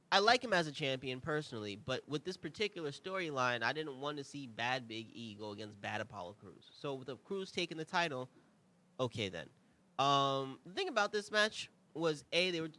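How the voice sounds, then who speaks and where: A young man hosting a review show, talking casually and with strong opinions, full of asides and rhetorical questions. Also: medium pitch. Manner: animated, rambling, conversational asides. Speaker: podcast host.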